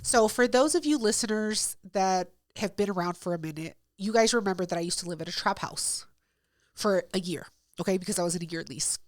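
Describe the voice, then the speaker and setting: A woman's voice: medium pitch, animated, a little fast, no echo, clean studio sound. A woman co-hosting a podcast, telling a story in a blunt, profane, casual way. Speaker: podcast co-host.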